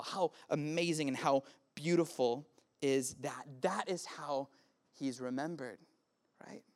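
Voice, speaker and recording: Guy in his 30s giving a youth sermon, chatty, keeps asking the room stuff, voice kinda high. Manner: casual, animated, asks the room questions. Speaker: youth pastor.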